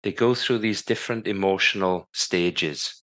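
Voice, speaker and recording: Man in his 50s, really low voice, tells his story vividly and acts out what people said. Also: a little slow, a bit bright. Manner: vivid storyteller who acts out remembered dialogue. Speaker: guest, former Paralympic cycling champion. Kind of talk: storytelling in a podcast interview.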